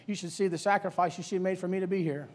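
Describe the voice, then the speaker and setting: A preacher voicing a humble young man who answers quietly and sincerely. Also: high-pitched, steady tone, fast, natural voice. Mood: earnest.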